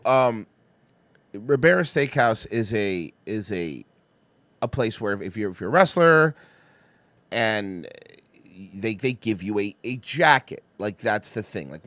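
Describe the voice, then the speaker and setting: A man's voice: fairly low pitch, fairly bright tone, no room sound. A man hosting a podcast, telling rambling, profane stories in casual chat with lots of restarts. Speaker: podcast host.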